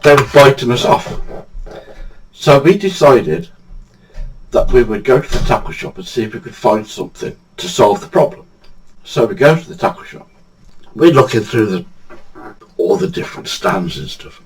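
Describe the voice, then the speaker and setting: Husky older man telling stories. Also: mid-range voice, animated, moderate pace, long pauses, low-quality recording. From England, Badsey. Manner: chatty, laughs at his own stories. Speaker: storyteller. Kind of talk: casual anecdote telling.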